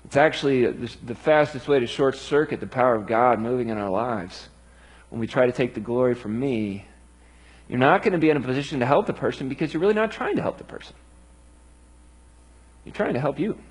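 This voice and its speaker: Husky-voiced man preaching earnestly. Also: medium pitch, brisk, poor audio. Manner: earnest, emphatic. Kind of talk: sermon.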